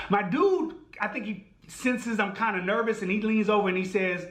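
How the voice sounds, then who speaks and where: Animated, high-voiced man telling a story. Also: moderate pace, few pauses, reverberant. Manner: animated, comic storytelling with slang and voiced asides. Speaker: podcast host. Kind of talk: storytelling monologue.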